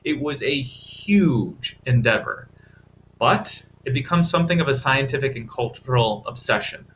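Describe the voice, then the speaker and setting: A man's voice: mid-range voice, expressive, a little slow, a bit bright, a little hiss or hum. A male history teacher giving a recorded lecture in a casual, chatty way, with asides to the listener.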